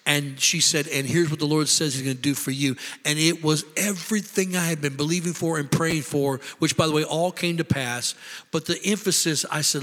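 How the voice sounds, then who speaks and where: A middle-aged pastor delivers an impassioned yet conversational sermon, repeating himself for emphasis. His voice is a little high and fairly bright, moving briskly, with long hall reverb on the recording.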